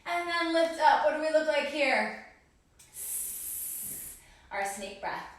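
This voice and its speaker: A woman's voice: high voice, animated, slow pace. A woman guiding a children's yoga class, encouraging and cueing each breath and pose. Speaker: kids yoga instructor. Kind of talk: guided kids yoga class. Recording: echoey room, voice from a distance.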